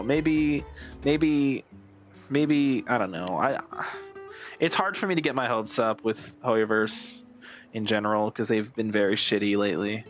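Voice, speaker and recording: A man's voice: lowish voice, a bit bright. A man streaming a game, chatting casually in a rambling, wry way with lots of fillers. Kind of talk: casual gaming commentary.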